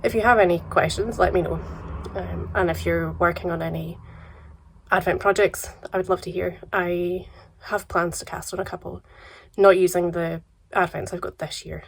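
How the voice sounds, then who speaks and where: Croaky Scottish woman chatting to camera. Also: fairly low pitch, normal speed. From Scotland. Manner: relaxed, chatty, trailing off into soft asides. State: croaky from a cold. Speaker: yarn dyer vlogger. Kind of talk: casual chat to camera.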